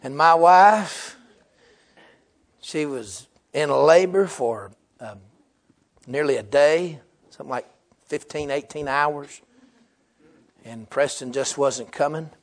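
A young man, preaching a humorous sermon. He tells stories loudly, often laughing and breaking into shouts. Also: fairly high pitch, takes it slowly, pauses often.

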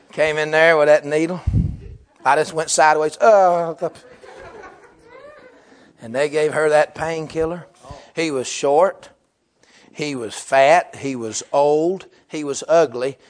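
A young man with a fairly high voice preaches a humorous sermon, telling stories loudly and often laughing or breaking into shouts.

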